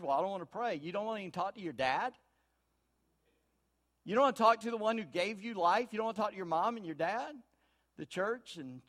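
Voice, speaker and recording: A high-voiced man preaching from the pulpit. He tells homespun stories in a folksy way and swings between hushed asides and loud, emphatic points. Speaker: pastor. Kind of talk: sermon.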